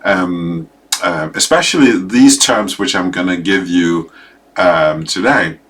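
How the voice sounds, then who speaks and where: Male lecturer, slow and halting, lots of fillers, bright tone. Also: low-pitched. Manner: hesitant, with many fillers and restarts; animated, acting out examples. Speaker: teacher.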